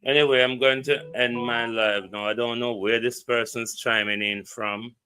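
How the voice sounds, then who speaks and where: Greeting viewers by name and reading out a contact number, a Jamaican-accented man hosts a loose, casual live stream on a phone or computer mic. His medium-pitched voice is steady, bright, forceful and smooth, and he speaks at a normal speed.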